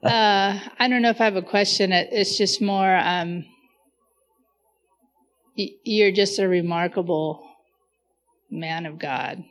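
Woman talking slow and soft, low flat voice, reverent heartfelt praise. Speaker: participant in an online faith group. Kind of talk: heartfelt spoken tribute.

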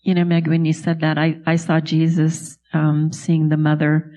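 A woman's voice: deep voice, completely flat delivery, moderate pace, warm tone. A woman in an online Bible study group, sharing heartfelt reflections over a video call.

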